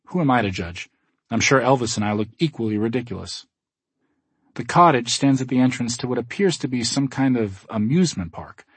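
A man narrates a first-person story with a wry, low-key delivery. His voice is husky and pitched mid-range. The recording is dry and close to the mic. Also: dry recording. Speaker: audiobook narrator.

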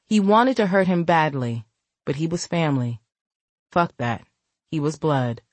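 A woman narrating a gritty urban story in a steady, matter-of-fact way. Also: low voice, moderate pace, no echo. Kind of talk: audiobook narration of an urban crime novel.

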